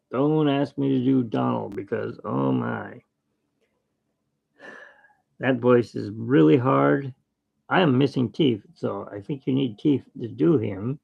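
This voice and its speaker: Brief: man, very gravelly voice, slow rambling jokey chat, muffled lo-fi sound. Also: medium pitch. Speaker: artist and channel host. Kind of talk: casual chat while drawing.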